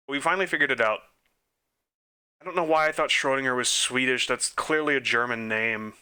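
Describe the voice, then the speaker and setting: A young man talks his way through trivia quizzes in a loose, thinking-aloud manner. His voice is very bright and sharp at an ordinary male pitch. He mutters guesses and drops chatty, self-deprecating asides. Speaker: quiz game let's player. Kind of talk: casual thinking-aloud gameplay commentary.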